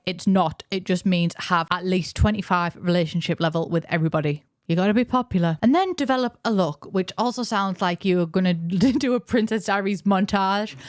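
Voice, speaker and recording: A woman's voice: medium pitch, no room sound, studio quality. A young woman narrating a game lore video in a chatty, jokey way, full of playful asides. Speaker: YouTuber.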